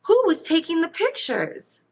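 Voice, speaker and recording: A woman's voice: extremely high pitch, wildly swooping pitch, a little slow, voice pushed up, exaggerated voice. A woman doing a coaxing interviewer. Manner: coaxing, leading questions.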